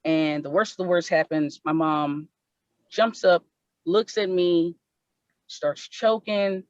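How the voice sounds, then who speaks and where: A woman speaks on an online panel and tells a painful personal story with steady earnestness. She often restarts and repeats words as she talks. Her voice comes through a muffled, lo-fi call with a dry sound. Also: fairly low pitch, slow pace, no room sound. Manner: earnest, repeats herself when moved. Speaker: panel presenter. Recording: dull lo-fi online call audio.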